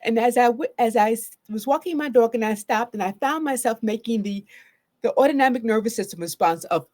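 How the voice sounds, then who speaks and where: A woman's voice: fairly high pitch, fast talker, a little mellow. A middle-aged woman therapist giving a live solo talk about trauma. She speaks earnestly and often checks in with "right?".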